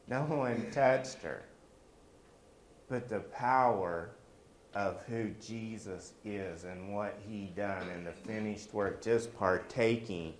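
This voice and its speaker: Echoey low-voiced preacher telling stories. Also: male voice, a little hiss or hum. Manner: animated, jokey asides, acts out quoted voices. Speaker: pastor. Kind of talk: storytelling sermon.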